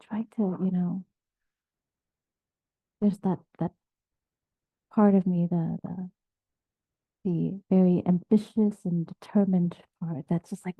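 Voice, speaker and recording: A woman meditation teacher giving a dharma talk in a gentle, halting way, often dropping to a near-whisper. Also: fairly low pitch, slightly rough, no room sound. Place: meditation group session, also on video call. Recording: tinny phone-like sound.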